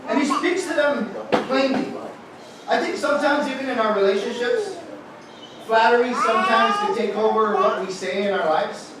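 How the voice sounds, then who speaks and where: High-voiced man preaching in an echoey hall. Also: normal speed. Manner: lively and joking, many restarts. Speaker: pastor. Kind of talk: sermon. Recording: echoey hall from far off with noise.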